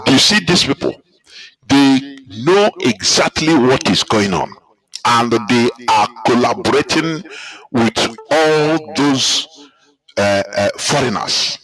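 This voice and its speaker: A man with a Nigerian accent giving heated political commentary, emphatic and repetitive, his pitch climbing as he presses his points. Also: fairly bright tone, poor audio. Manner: angry, emphatic, repeats himself, rises in pitch. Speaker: commentator reacting to a clip.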